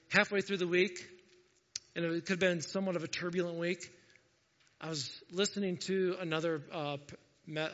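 A man's voice: sits high, fairly bright tone. A male pastor preaching a conversational sermon in church, acting out little quoted voices as he goes. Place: church sanctuary. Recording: dull sound with long hall reverb.

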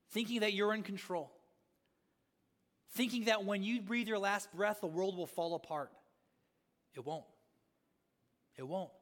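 A man preaching a sermon as a pastor, repeating rhetorical questions and swinging between loud emphasis and hushed asides. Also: sits high, big-room sound.

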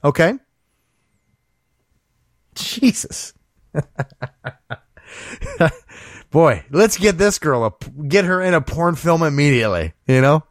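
A male host riffs on odd news stories with sarcasm and plenty of profanity. His pitch swings a lot as he talks. The sound is dry and close, with no room echo. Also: normal speed, few pauses. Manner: sarcastic, profane, animated storytelling. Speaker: show host. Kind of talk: casual comedic news commentary.

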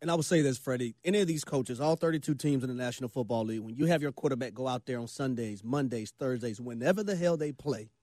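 A man's voice: mid-range voice, fast, hardly any pauses, warm tone, dry recording. A man co-hosting a sports talk radio show in a studio, emphatic and preachy, with folksy sayings and repeated phrases.

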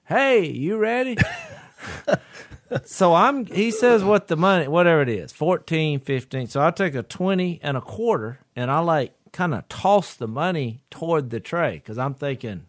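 A man's voice: on the high side, normal speed, few pauses, dry recording, studio quality. A man, a podcast co-host telling a story in casual chat and laughing along with it. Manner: animated, laughs through his own story.

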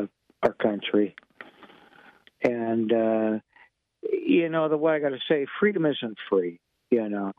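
Ex-cop male caller, annoyed and halting, mid pitch, on a tinny phone line. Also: no echo. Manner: irritated, halting with repeated restarts. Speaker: radio caller, retired police officer. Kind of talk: call-in conversation.

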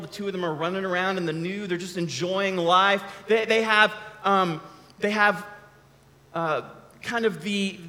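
A man's voice: sits high, pushed and bright. A man giving a casual, conversational sermon, often restarting his sentences. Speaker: preacher. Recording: long hall reverb.

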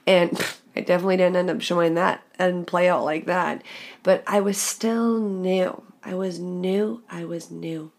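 A woman's voice: lowish voice, measured pace, creaky. Candid young woman telling a story. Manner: candid, expressive, swears freely. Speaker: podcast host. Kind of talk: casual storytelling monologue.

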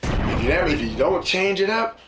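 Animated slangy man, echoey room. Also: fairly quick, music in the background. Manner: animated, slangy, acts out quotes in a lower voice. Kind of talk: casual monologue to listeners.

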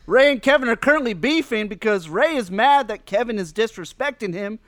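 A podcast host putting on a relaxed comedian with a mock southern drawl, roasting people with jokes and frequent laughs. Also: male voice, very high voice, brisk, no room sound.

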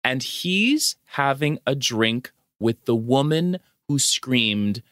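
Guy doing a podcast movie recap, bright voice, super animated, dry close mic. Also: medium pitch, takes it slowly, no echo. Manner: animated storytelling with mock quotes and laughs. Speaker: podcast co-host. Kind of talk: casual movie recap chat.

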